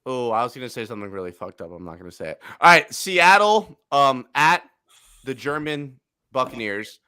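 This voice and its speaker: A man's voice: mid-range voice, sing-song, normal speed, sharp tone, clear, resonant tone, dry recording, clean studio sound. A brash man hosting a casual football betting chat, swearing and trash-talking teams. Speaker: sports betting podcast host.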